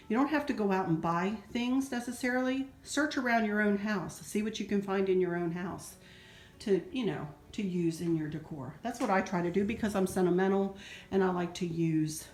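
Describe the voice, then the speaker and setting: A middle-aged woman giving a chatty, sentimental home decor tour with soft laughs. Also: medium pitch, normal speed. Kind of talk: casual home tour narration. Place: indoors in a house. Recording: roomy echo, faint music.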